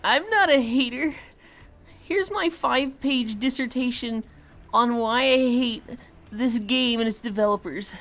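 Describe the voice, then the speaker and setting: A man parodying a viewer in a high, exaggerated, whiny voice, as someone who claims not to be a hater. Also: unhurried, bright, forceful tone, full character voice. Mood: mocking. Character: whiny self-contradicting chatter, mock-parody, adult.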